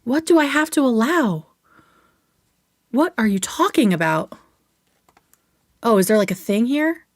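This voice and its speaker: A young woman hosting a livestream, chatting casually and excitedly while reviewing makeup, swearing now and then. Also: fairly high pitch, a little slow, long pauses, no room sound, clean studio sound. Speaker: livestream host.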